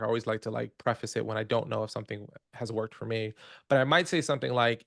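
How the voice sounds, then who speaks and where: A man's voice: on the low side, fairly even intonation, fast, gravelly, fairly bright tone. A man hosting a webinar Q&A, explaining features in a casual, conversational way and walking through the steps one by one. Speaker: host of a product Q&A webinar.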